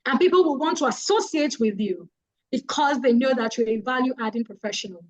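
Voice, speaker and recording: A woman's voice: high voice, expressive, brisk, rough recording. A woman giving a public speaking talk on an online call, speaking earnestly and repeating key phrases for emphasis. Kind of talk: guest talk on a webinar.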